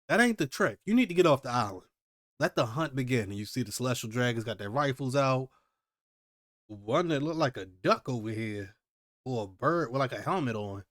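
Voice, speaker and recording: Animated man reacting live to a comic. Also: medium pitch, normal speed, no echo, studio quality. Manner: animated, exclaiming, slangy commentary. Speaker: manga reaction host. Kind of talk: live manga reading and reaction.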